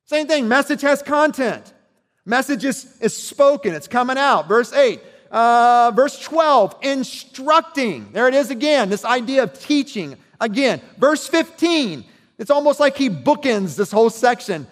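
A man's voice: very high voice, lively intonation, measured pace, long reverb tail. A man preaching a sermon as pastor, talking conversationally and checking in with his listeners.

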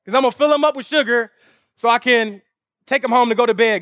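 A man's voice: very high voice, quick pace, a bit bright, no room sound, clean studio sound. A man preaching a sermon as pastor, telling a family story and building to emphatic, repeated rhetorical appeals. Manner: impassioned preaching with vivid storytelling and emphatic repetition. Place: outdoor lawn service.

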